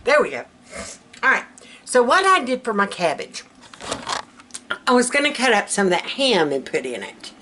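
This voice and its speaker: A woman's voice: fairly high pitch, sing-song, moderate pace, long pauses, bright, forceful tone, a little hiss or hum. A woman from South Alabama with a Southern accent, chatting folksily to her viewers while she cooks in her home kitchen. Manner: chatty and folksy, calls viewers girl and baby. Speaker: home cooking vlogger. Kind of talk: casual chat.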